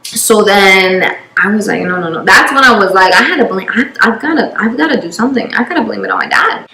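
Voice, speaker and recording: A young woman telling a story in a casual, animated way, swearing freely and acting out the people in it. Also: medium pitch, brisk, creaky, roomy sound, rough recording. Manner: animated, profane, acts out every voice in the story. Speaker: storyteller host.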